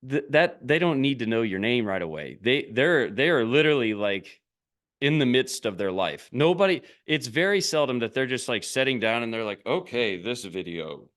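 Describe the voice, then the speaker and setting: Speaking straight to camera, a man gives an animated business coaching talk, urging his viewers on and firing off rhetorical questions. His voice is medium in pitch at a normal speed.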